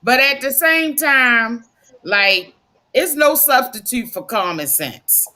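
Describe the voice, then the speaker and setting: A woman on a live podcast panel, speaking in a measured, reflective way and calling herself cynical. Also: on the high side, lively intonation, pushed and bright.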